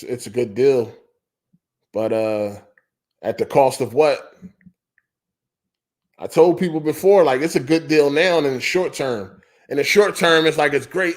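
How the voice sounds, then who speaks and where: A man hosting a gaming podcast livestream, talking on a headset in a loose, profane rant and repeating his points. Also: medium pitch. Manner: profane, ranting, repeats himself. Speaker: podcast host. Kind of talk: casual livestream chat.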